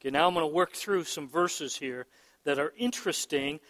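A man's voice: fairly high pitch, moderate pace, fairly bright tone. A male pastor giving a sermon to a congregation, answering questions with emphasis and often checking that listeners follow. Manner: emphatic, asks the room for agreement. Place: church hall with balcony. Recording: long hall reverb.

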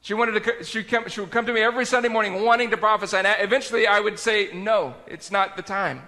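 A man preaching a sermon as pastor, talking in a conversational way that swings between loud and quiet. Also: high voice, level tone, racing, long reverb tail.

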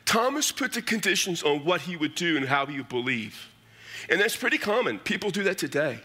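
A man's voice: fairly high pitch, husky. A middle-aged man preaching a sermon as pastor, telling stories with casual asides. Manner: animated storytelling with casual asides.

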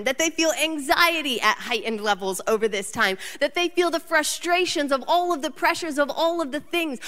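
A woman in her thirties preaching a sermon, telling a personal story and building to emphatic, animated lists. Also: high-pitched, long reverb tail. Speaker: pastor.

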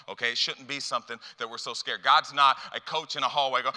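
A man's voice: medium pitch, fairly even intonation, fast, hardly any pauses, sharp tone. A man preaching a sermon as a pastor, telling stories and acting out dialogue with lots of repeated phrases. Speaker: youth pastor. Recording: long hall reverb.

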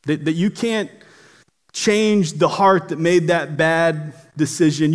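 High-voiced earnest male preacher. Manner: earnest, often stumbles and repeats words at phrase starts. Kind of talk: sermon.

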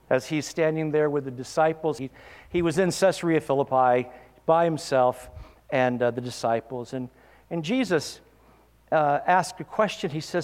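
A man's voice: on the high side, normal speed, big-room sound. A man preaching a sermon, asking his listeners pointed questions and building to emphatic peaks. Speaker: pastor.

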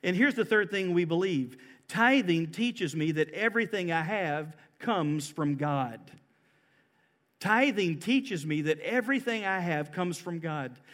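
A man preaching a sermon as a pastor, earnest, rising to emphatic peaks and then dropping soft. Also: high voice, animated, unhurried.

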